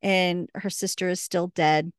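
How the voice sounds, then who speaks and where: A woman's voice: fairly low pitch, steady tone, measured pace, smooth, no room sound, clean studio sound. A woman recapping a TV episode in a casual, chatty way, packed with "like" and retold dialogue. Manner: chatty, laughs often, full of fillers and retold dialogue. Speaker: podcast co-host.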